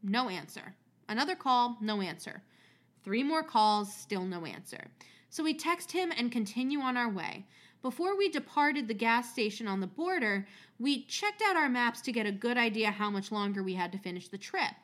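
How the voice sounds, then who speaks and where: A woman with a slightly high voice reads a story aloud on a podcast. She keeps it casual and chatty, swears freely and laughs at her own asides. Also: animated, normal speed, a bit bright.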